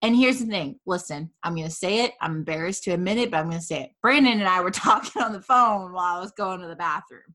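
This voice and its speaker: Woman host, casual storyteller, dramatic and profane, bright, forceful voice. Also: lowish voice, quick pace, few pauses. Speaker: podcast host.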